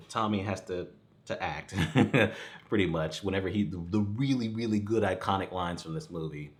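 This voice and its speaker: Chuckling man ranting a film review. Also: low voice. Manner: rambling, chuckling, profane. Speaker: movie reviewer. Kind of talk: casual spoken film review.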